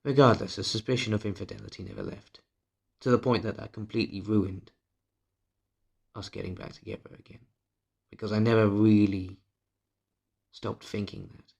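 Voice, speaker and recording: A man talking straight to camera in a confessional vlog, his low voice heavy with gravel and a husky edge. He is candid and bitter, swears without holding back, and keeps sinking to a hushed murmur. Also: steady tone, fairly quick. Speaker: vlogger. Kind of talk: confessional personal vlog monologue.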